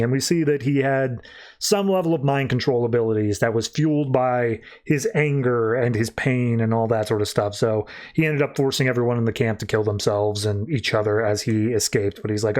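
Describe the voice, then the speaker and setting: A man's voice: medium pitch, normal speed, darkish tone. A man hosting a podcast, rambling casually through a review with lots of fillers and loose retelling. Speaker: podcast host reviewing comics.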